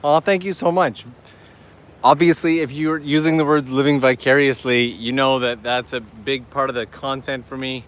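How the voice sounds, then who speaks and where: A man's voice: medium pitch, fairly even intonation, normal speed, a bit bright. A man hosting a travel live stream outdoors, chatting enthusiastically with viewers while walking and reading their messages aloud. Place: outdoors on a seaside island path.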